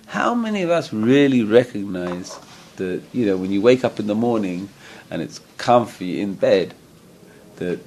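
A man's voice: on the low side, creaky, darkish tone, a little hiss or hum. A man teaching a Torah lesson as a rabbi, earnest, often asking his listeners questions. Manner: earnest, asks the listeners questions, acts out voices.

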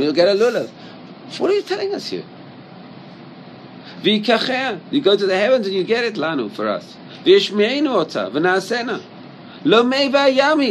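Male Torah teacher, lively rise and fall, light room hum behind. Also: high-pitched, poor audio. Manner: animated, rhetorical questions, mixes Hebrew into English. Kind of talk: Torah class with Hebrew quotes.

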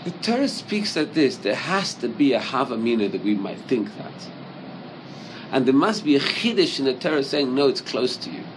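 Animated man teaching a Torah class. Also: medium pitch, normal speed, noisy background. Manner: animated, rhetorical questions, mixes Hebrew into English. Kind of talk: Torah class with Hebrew quotes.

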